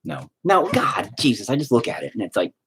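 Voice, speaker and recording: A man's voice: medium pitch, sing-song, brisk, a bit bright, a little hiss or hum. A man vlogging about his own art in a rambling, sarcastic, self-mocking way, swearing often. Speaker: artist vlogger. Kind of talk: casual self-deprecating vlog.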